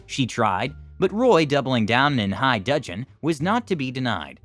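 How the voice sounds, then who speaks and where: Male narrator, animated storyteller with lively pitch; faint music bed. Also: moderate pace, few pauses, dry recording. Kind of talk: scripted narration of online stories.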